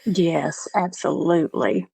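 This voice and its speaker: Slow-talking woman, earnest caregiver. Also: fairly low pitch, creaky, dark tone, breathy edge. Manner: halting, many "you know" fillers; earnest, faith-driven. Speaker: guest, caregiver. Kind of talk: conversational interview.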